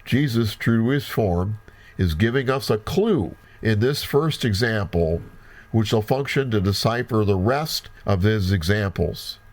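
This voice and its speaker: Slow, low-voiced teacher. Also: male voice. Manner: animated, bursts of wonder and folksy asides. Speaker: Bible teacher. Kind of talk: Bible study lecture.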